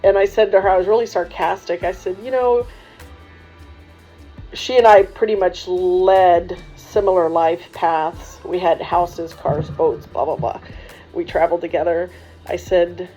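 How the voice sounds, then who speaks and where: Low, mellow-voiced woman storyteller. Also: a little slow, breathy edge. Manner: lively, humorous, laughs while telling, voices others in dialogue. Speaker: religious sister, former coach. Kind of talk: storytelling to students. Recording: dull muffled sound with faint music.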